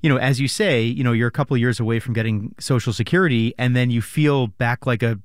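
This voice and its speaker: A man's voice: medium pitch, fast, no echo. Man interviewing, dry close sound. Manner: attentive, follow-up questioning. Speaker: interviewer host.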